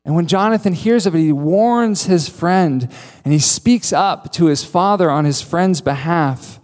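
A man preaching a sermon, emphatic and earnest, with dramatic pauses. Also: a little high, darkish tone. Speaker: pastor. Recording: long reverb of a large hall.

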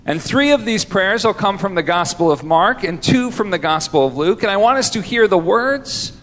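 A man preaching a sermon, slow and deliberate with dramatic pauses as he reads scripture. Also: sits high, animated, a bit bright, long reverb tail, a little hiss or hum. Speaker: pastor.

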